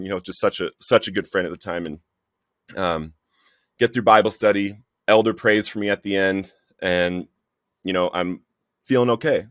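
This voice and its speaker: Podcast guest, male, low-pitched voice, earnest storyteller, dry close sound. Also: fairly bright tone, no echo. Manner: earnest storytelling, says "bro" often. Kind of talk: personal recovery story.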